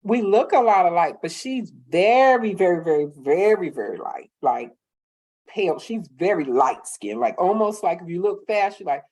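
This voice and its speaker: A woman on a discussion panel, telling a story casually and expressively. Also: moderate pace. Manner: expressive, swooping pitch when quoting others.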